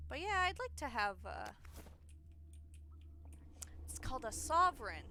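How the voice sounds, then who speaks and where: A woman's voice: high-pitched, big pitch swings, a little slow, pauses often, pushed and bright, slight background noise. A young woman streaming a video game, chatting in a rambling way with fillers. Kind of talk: casual chat while playing a video game.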